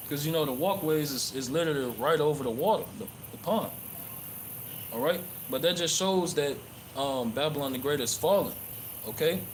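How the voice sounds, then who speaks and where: A man's voice: on the high side, expressive, moderate pace, low-quality recording. A man preaching casually while walking through a park by a pond, rambling and profane, with many fillers and restarts. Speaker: religious livestreamer. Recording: clear outdoor background noise.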